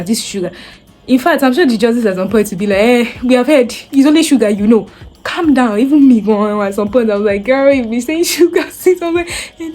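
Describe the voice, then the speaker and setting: Brief: young Nigerian woman, chatty vlogger, lively storytelling, faint music under her voice. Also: medium pitch. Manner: animated, acts out quoted voices. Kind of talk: casual storytelling to camera.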